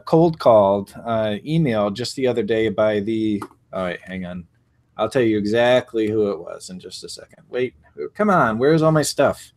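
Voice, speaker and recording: A man's voice: lowish voice, a little mellow. A man hosting a casual writing show, chatting in a loose, rambling way. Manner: chatty, rambling, laughs easily. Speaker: podcast host. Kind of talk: casual chat.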